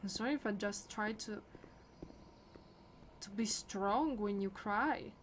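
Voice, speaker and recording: A woman talking through a game in soft, earnest, confessional commentary, sometimes dropping to a whisper. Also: medium pitch, slow pace, slight background noise. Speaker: gameplay streamer. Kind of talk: reflective gameplay commentary. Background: loud game music.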